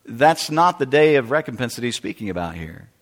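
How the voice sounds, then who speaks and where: A man preaching a sermon, emphatic, with sudden drops to quiet and rises to loud. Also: medium pitch, very animated, brisk. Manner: emphatic preaching with wide swings in loudness. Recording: long reverb of a large hall.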